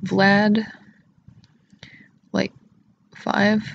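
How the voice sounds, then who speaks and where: This is a vlogger with a gravelly, fry-laced voice who drawls slowly through erratic, crude jokes. The talk wanders and giggles from one silly idea to the next. The recording is slightly dull, and there is a faint hum of traffic behind it. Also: mid-range voice, monotone. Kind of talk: rambling solo vlog talk.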